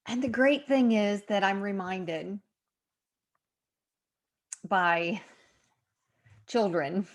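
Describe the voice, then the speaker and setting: A woman's voice: mid-range voice, steady tone, extremely slow, pauses often. A woman, grandmother of young boys, in her fifties, speaking candidly in a casual devotional vlog from a room under remodel. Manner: reflective, candid, laughs at herself. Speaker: faith vlogger.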